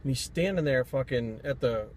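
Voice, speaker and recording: A man's voice: medium pitch, moderate pace, darkish tone, slight background noise. A man from Rhode Island, a fitness trainer, telling stories in a blunt, profane, rambling vlog rant.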